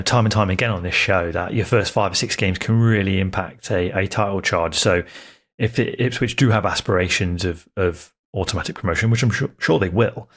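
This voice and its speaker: Chatty podcast co-host, low voice. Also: male voice. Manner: chatty, enthusiastic, with many fillers and restarts. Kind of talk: casual football podcast chat.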